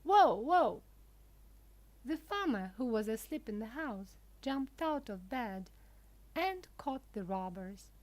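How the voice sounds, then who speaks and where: A woman narrating a children's storybook for English learners, with clear, deliberate, simple phrasing. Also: on the high side, animated.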